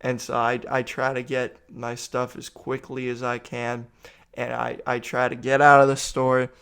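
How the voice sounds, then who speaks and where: A man's voice: medium pitch, monotone, unhurried, gravelly, a bit bright, clean tone. A young man telling a rambling, profane story about a store trip, sounding tired and exasperated. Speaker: vlogger. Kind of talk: rambling comic rant.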